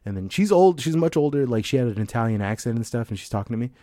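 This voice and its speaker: A man's voice: mid-range voice, lively intonation, fast talker, dark tone, dry recording. Young man, casual podcast chat, profane rambling stories, dry close sound. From Mexican heritage. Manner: profane, rambling storytelling, laughs often.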